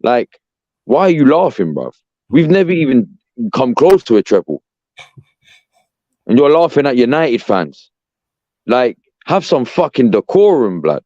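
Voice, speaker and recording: A man's voice: medium pitch, very animated, measured pace, pauses often, mellow, no room sound. A young man ranting as a podcast co-host, profane and exasperated, saying "bruv" constantly. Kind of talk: heated fan rant. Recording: dull, dry lo-fi sound.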